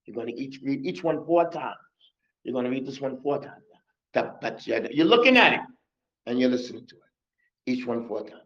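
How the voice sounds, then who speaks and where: A man's voice: mid-range voice, expressive, a little fast, pauses often, a bit bright. A man giving a mosque lesson on memorizing scripture, coaching and repeating himself, slipping in Arabic words. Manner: repetitive, coaching, drops in Arabic words and recitation. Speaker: Quran teacher. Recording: muffled lo-fi recording.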